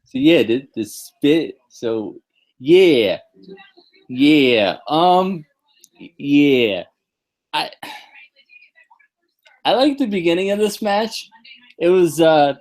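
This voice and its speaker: A man's voice: on the high side, darkish tone, low-quality recording. A man co-hosting a podcast, chatting casually about a wrestling show in a rambling, hesitant way. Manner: rambling, hesitant, many restarts and fillers. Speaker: podcast co-host.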